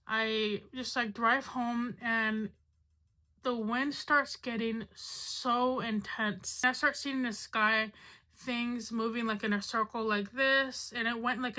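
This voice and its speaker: A woman's voice: fairly high pitch, steady tone, takes it slowly, pushed and bright. A woman in her thirties from Arizona, chatting casually to camera and telling a dramatic story full of "like" and self-mocking asides. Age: 30s. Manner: dramatic storyteller, lots of "like", laughs at herself. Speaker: beauty vlogger.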